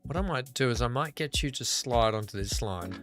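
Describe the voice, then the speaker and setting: A man's voice: mid-range voice, fairly quick, music in the background, rough recording. A man chatting casually while playing a game on a livestream, telling stories with frequent laughs. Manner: animated storyteller, laughs often, chatty. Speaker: streamer.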